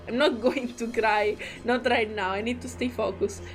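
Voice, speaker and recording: A woman's voice: fairly high pitch, fairly even intonation, moderate pace, hardly any pauses, faint music behind. A woman streaming a game who reads its dialogue aloud and reacts with emotion and frequent swearing. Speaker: gaming streamer.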